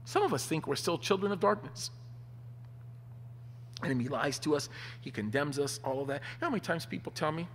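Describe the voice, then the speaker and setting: A man preaching a sermon, telling stories in an animated way. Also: fairly high pitch, fairly quick, long pauses. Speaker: pastor. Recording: long hall reverb.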